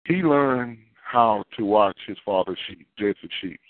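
A man preaching in a loose, conversational way, circling back on his phrases. His voice sits fairly low, and it comes through dry and narrow like a phone line. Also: lively intonation, unhurried, dry recording. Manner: conversational preaching with repeated phrases and folksy asides. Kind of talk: sermon.

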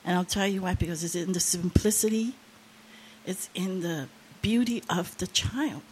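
A woman's voice: on the low side, normal speed, a little mellow, a little hiss or hum. An older woman preaching a sermon, sharing an emotional testimony with rising, impassioned emphasis.

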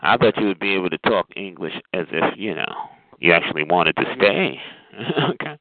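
A man's voice: deep voice, lively intonation, a little fast. A man ranting on the phone in a sassy, mocking way, calling people honey and child. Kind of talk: profane phone rant. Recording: tinny phone line with faint noise.

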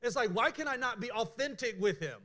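High-voiced man preaching a casual sermon. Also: a little fast. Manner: candid and animated, many restarts. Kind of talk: conversational sermon.

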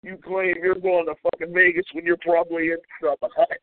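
With a slightly high voice and flat delivery, this man hosts a call-in show, talking a little fast as he unleashes a profane, mocking rant. There is no room sound, though the audio is tinny and phone-like.

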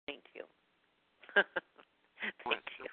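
A woman's voice: drawn-out words, dry recording. A woman hosting a community call, chatting casually and laughing often between remarks. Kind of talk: casual phone chat. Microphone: phone. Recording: thin phone line.

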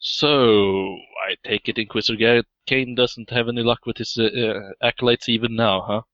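A man playing a tabletop game, speaking his character in first person in a halting way, full of uhs. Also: medium pitch, steady tone, fairly bright tone, no room sound, highs cut off. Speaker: player. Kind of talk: casual tabletop game role-play.

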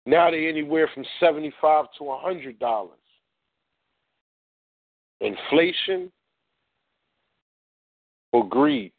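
A man's voice: on the high side, slow pace, pauses often, no room sound. A man co-hosting a talk radio show, speaking in a conversational, emphatic way straight to the listeners. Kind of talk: casual talk radio commentary. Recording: dry, tinny phone line.

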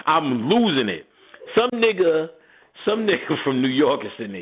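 A man hosting a radio show, spinning a rambling profane story and breaking into laughter, his pitch leaping all over as he acts out each person in it. His voice is a bit husky, and it comes through a thin, phone-like line. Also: very animated, normal speed.

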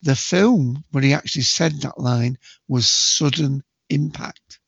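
A man hosting a casual movie quiz, chatty and jokey, with bursts of loud quote acting. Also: medium pitch, unhurried, vocal fry, husky, dry recording. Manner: chatty, jokey, self-mocking, acts out movie quotes loudly. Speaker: quiz host. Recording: dull lo-fi dry home recording.

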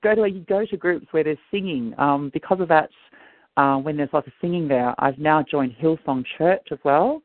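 A man's voice: a little high, moderate pace, no echo. A middle-aged man giving a rambling, earnest, agitated personal account over a phone line. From Australia. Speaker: guest. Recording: dry tinny phone-like line.

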